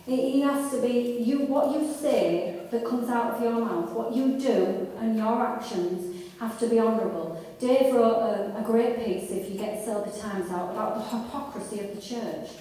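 A woman preaches to her congregation, earnest and chatty, and she often restarts her sentences. Her voice sits fairly high. It is heard from a distance in a large hall with long, echoing reverb. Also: moderate pace, hardly any pauses, warm tone. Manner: earnest and conversational, with restarts and rising fervour. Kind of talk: sermon. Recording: echoey hall, voice from far off.

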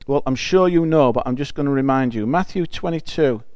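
A man's voice: medium pitch, brisk, a little mellow, no echo. A man preaching a conversational sermon. He reads scripture aloud and explains it in a chatty, emphatic way, often restarting phrases.

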